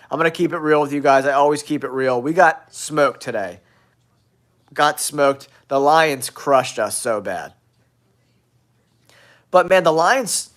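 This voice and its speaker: A man hosting a football talk show, sounding nasal from a cold, giving blunt, excitable hot takes to his viewers. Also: fairly high pitch. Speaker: sports show host.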